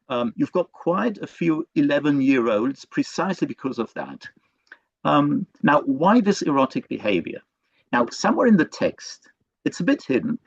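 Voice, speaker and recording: A man's voice: medium pitch, no echo. A male professor giving an online lecture, hesitant, with many fillers and restarts. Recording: dull, dry lo-fi recording.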